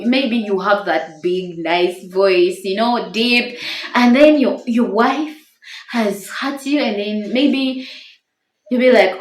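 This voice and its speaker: A woman with a tender, small voice, on the high side, gives an earnest and encouraging devotional talk to camera, stressing her words. She's a Christian YouTuber offering marriage tips, and the sound is reverberant.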